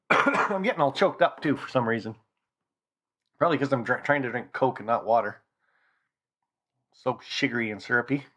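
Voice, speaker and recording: A man's voice: medium pitch, moderate pace, pauses often, bright, forceful tone. A man hosting a casual live stream from his home, chatting loosely and reading out viewer names as he goes. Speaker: channel host. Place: home model railroad room.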